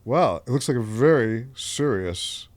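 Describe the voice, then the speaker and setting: An older man speaks as a podcast guest in a dry, deadpan, musing way, often restarting his sentences. His voice sits at an ordinary middle pitch. The studio sound is close and dry, with no room echo. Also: measured pace. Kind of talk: casual podcast conversation.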